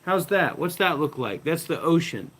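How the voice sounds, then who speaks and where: A man's voice: on the high side, expressive, moderate pace, fairly bright tone, low-quality recording. A man hosting a comedic livestream as a mock guru, crude and taunting, ranting at his viewers. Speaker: host.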